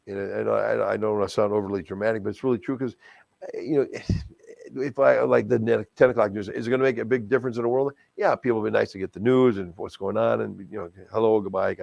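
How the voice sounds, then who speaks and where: An older man from Wisconsin, a TV anchor and charity auctioneer, telling stories in a folksy, animated, self-deprecating way in a casual interview. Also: fairly low pitch, fast talker, creaky, dry recording.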